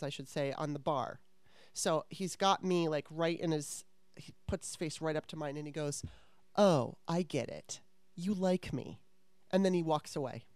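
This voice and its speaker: A woman's voice: lowish voice, clear, resonant tone, no room sound. Candid, profane woman telling a story. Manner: candid, profane, rambling with restarts. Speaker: podcast host. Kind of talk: casual storytelling chat.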